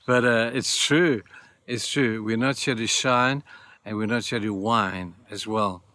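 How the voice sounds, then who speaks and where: Low-voiced man giving a devotional. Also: steady tone, measured pace, pushed and bright. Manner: earnest, repeats key phrases for emphasis; retells scripture stories in plain everyday words. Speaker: church speaker giving devotions. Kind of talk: short devotional talk.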